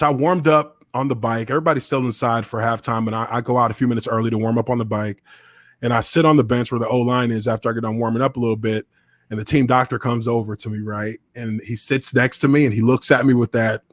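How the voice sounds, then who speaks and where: Sitting at his computer in a home studio, a podcast host who used to be a football lineman tells a long, casual story. His voice is medium-pitched with no room sound. He's animated and acts out other people's voices when he quotes them.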